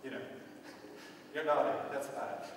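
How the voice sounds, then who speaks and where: A Dutch man from the Netherlands gives a conference talk in a lecture hall, speaking conversationally and wryly while often checking in with the audience. His mid-range voice stays fairly flat in pitch at a slow pace. The echoey hall makes him sound distant, with background noise present.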